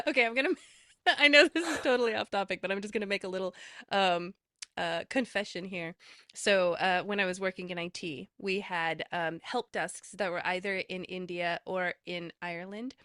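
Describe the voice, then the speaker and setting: Female podcast guest, eager and chatty, bright tense tone, dry close recording. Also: on the low side, normal speed, no echo. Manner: eager, talks with lots of fillers and restarts. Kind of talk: casual chat.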